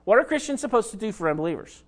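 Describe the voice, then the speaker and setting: A man's voice: high-pitched, very animated, very fast. A pastor preaching a sermon, talking conversationally and addressing his listeners directly.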